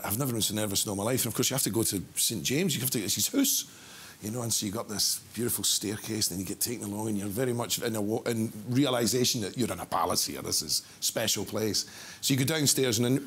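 A man's voice: on the low side, quick pace, slightly rough. A Scottish man, a guest impressionist, telling anecdotes in casual chat. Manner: animated storyteller, jumps into voices.

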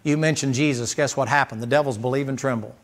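A man's voice: mid-range voice, steady tone, quick pace. A man preaching a sermon as pastor, folksy and emphatic, firing rhetorical questions at the congregation.

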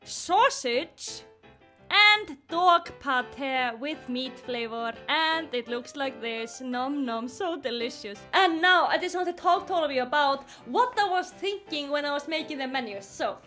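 Young woman, Icelandic accent, very high voice, excitable and giggly, squeals at her pets, faint music underneath. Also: measured pace. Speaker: vlogger. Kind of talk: casual vlog narration. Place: indoors at her mother's house.

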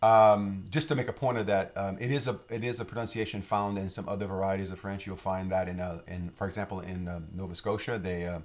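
A middle-aged man from Louisiana with a Cajun accent, giving a casual language lesson in a relaxed, rambling way with many fillers. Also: low-pitched, fairly quick, few pauses. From Louisiana, Lafourche Parish. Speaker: French teacher.

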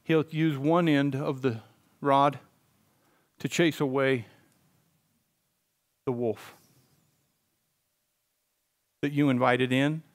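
A middle-aged male pastor preaching a sermon in a church, swinging from hushed to loud. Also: mid-range voice, fairly even intonation, drawn-out words, long pauses. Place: church sanctuary.

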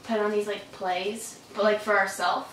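A woman's voice: medium pitch, flat delivery, normal speed, fairly bright tone, far from the mic, a little hiss or hum. A young woman vlogger chatting casually and telling stories with a lot of giggles and "like"s. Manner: giggly, storytelling, lots of "like". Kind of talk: casual chat. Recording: echoey room, off-mic.

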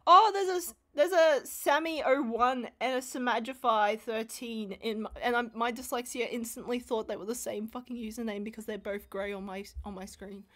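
A woman livestreaming and playing games, chatting casually, swearing freely and swinging from quiet mumbles to loud screams. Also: a little high, moderate pace, few pauses. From Australia. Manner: swears freely, self-mocking. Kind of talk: casual streaming chat.

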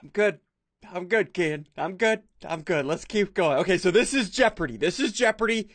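A man hosting a gaming video, reacting to funny clips in casual, excitable commentary, laughing and repeating himself. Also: high voice, moderate pace, dry recording.

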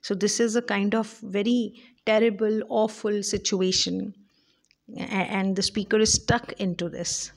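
A woman giving a poetry lecture, talking deliberately with frequent fillers and restarts. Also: mid-range voice, level tone, gravelly. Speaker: English literature lecturer.

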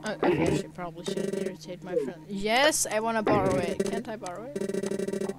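A woman's voice: medium pitch, moderate pace. A young woman casually commenting as she plays a game, playful and mischievous, often trailing off mid-sentence. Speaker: gamer. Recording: loud game music behind. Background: game music.

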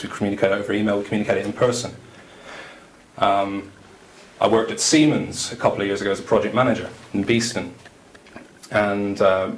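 Man, low voice, conference talk, anecdotal, conversational, roomy hall. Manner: anecdotal, conversational, many fillers. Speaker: conference speaker. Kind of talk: storytelling talk. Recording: roomy hall, faint noise.

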